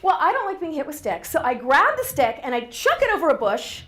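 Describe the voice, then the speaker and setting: A middle-aged woman tells a story about her child with wry humor. Her voice sits high and moves all over. She laughs easily as she talks. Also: very animated, fairly quick, a bit bright. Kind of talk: personal storytelling monologue.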